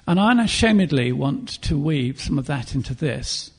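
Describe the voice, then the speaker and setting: In an earnest, reflective sermon, a man preaches with a slightly high, animated voice. He pauses to clear his throat and restarts phrases along the way.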